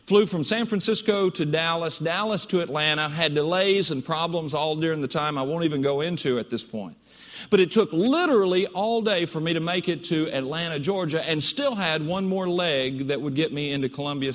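A man giving a keynote talk, telling a story in an animated, conversational way. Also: fairly high pitch, fairly quick. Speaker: keynote speaker. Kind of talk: storytelling presentation. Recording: dull audio in a reverberant hall.

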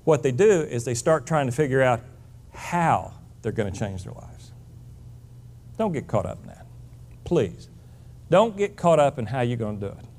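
A man's voice: mid-range voice, sing-song, moderate pace, long pauses, darkish tone. A middle-aged man giving a motivational speech, blunt and emphatic, lecturing his listeners. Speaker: motivational speaker.

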